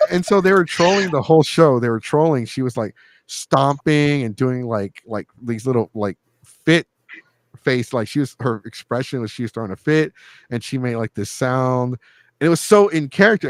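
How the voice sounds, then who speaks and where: A man hosting a podcast, telling stories in a crude, joking, animated way and laughing often. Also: medium pitch, dry recording. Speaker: podcast host. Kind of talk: casual storytelling chat.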